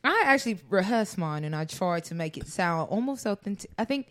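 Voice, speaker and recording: A woman's voice: mid-range voice, fairly quick, few pauses. A woman co-hosting a podcast in casual chat, swearing freely and sometimes putting on a mock British accent. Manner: profane, animated, playfully puts on a mock British accent. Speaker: podcast co-host.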